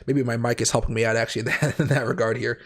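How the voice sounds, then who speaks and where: A man hosting a casual trading livestream, raspy from a cold, rambling and correcting himself as he goes. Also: medium pitch, fairly even intonation, rapid-fire. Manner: rambling, self-correcting, chatty. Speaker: crypto trading livestream host.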